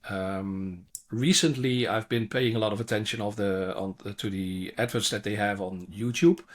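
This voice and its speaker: A man, a China expert answering interview questions in animated, conversational English full of restarts. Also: medium pitch. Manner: animated, frequent restarts and repeated words.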